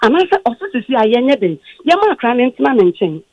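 A Ghanaian woman speaks on a radio call-in show, defensive and explaining at length. Her voice is lively and a little high. It comes through a dull, dry phone line. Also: fast, no room sound. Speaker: caller, former guardian.

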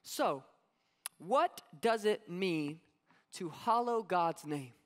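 A man's voice: high voice, expressive, drawn-out words. Preaching man in a reverberant hall. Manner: conversational, storytelling with acted-out quotes. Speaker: pastor. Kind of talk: sermon. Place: church sanctuary.

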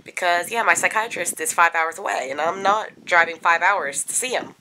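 A woman vlogging casually from home, her voice raspy and stuffed up from congestion, chatting in a rambling way with lots of fillers. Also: fairly low pitch, moderate pace, sharp tone, slight background noise. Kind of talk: casual daily vlog.

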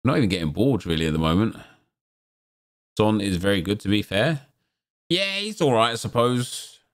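Male gaming host, lowish voice, chatty pack-opening commentary with sudden excited yelps. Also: normal speed. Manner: chatty, jumps into excited exclamations at pulls. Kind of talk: casual gameplay commentary.

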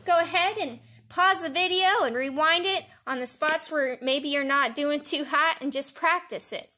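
A woman's voice: high-pitched, moderate pace, pushed and bright. A woman music teacher leading young children through an online lesson, counting them in and chanting rhythms for them to clap along. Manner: cheerful, leads chants and clapping with counts. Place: home recording for distance learning.

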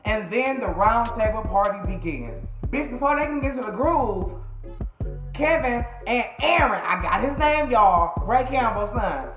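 A woman's voice: on the high side, lively intonation, measured pace. A woman with an African American Vernacular English accent, profanely and dramatically recapping a TV episode in a casual vlog. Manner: sassy, profane, dramatic retelling with acted quotes. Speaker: TV show reviewer. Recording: echoey room with music behind.

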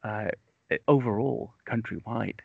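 A man's voice: fairly low pitch, a little slow, creaky, slightly rough, no echo. A British man hosting a casual chat, talking in a chatty, self-mocking and rambling way. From United Kingdom. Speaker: podcast host. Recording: dry, dull lo-fi sound.

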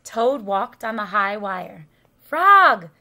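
A woman reading a children's storybook aloud in a slow, careful way. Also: on the high side, animated, sharp tone. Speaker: storybook reader.

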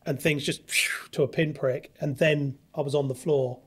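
A man's voice: a little high, fairly even intonation, normal speed. A man, a podcast guest rambling through a personal story and acting out what others said, recorded on a studio mic. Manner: rambling anecdote, acts out others' lines. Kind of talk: casual storytelling chat.

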